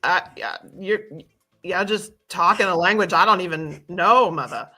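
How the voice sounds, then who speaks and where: A woman's voice: lowish voice, moderate pace, bright, forceful tone, soft background music. A woman playing a confused, reluctant young man in an improvised scene, in a hesitant, stammering put-on Boston accent. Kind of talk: improvised comic scene reading.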